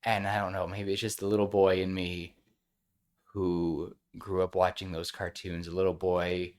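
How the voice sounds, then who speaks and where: A man's voice: deep voice, flat delivery, normal speed. A young man co-hosting a podcast, talking earnestly and getting emotional in casual chat. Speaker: podcast co-host.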